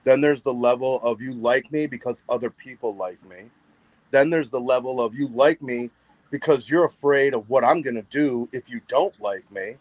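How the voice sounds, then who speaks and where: A man's voice: mid-range voice, moderate pace, no echo, low-quality recording. A man appearing as a guest in a casual chat, brash, self-assured and profane.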